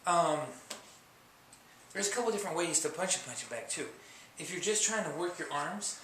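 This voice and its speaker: A man's voice: a little high, lively intonation, normal speed. A man giving a casual, rambling how-to lesson on hitting a punching bag, full of fillers, sometimes talking through bursts of effort, recorded on a camera mic at a distance. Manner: rambling, loose, full of fillers and "you know". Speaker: amateur fitness instructor. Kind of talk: casual how-to video demonstration. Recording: echoey room with loud clattering noise.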